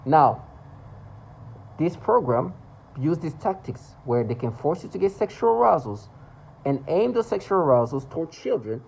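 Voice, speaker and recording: A man's voice: on the high side, sing-song, moderate pace, gravelly, a little mellow, slight background noise, low-quality recording. A man talking to the camera in an agitated personal monologue, rambling with restarts and repetitions. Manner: rambling, restarts and repeats, mimics others' laughter. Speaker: vlogger.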